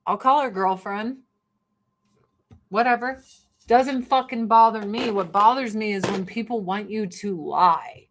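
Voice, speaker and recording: A woman's voice: mid-range voice, measured pace, slight background noise. A blunt, chatty woman of middle age talks casually while getting ready on camera. She swears freely and jumps from topic to topic in a loose, unscripted way. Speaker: vlogger. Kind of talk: casual get-ready-with-me livestream chat.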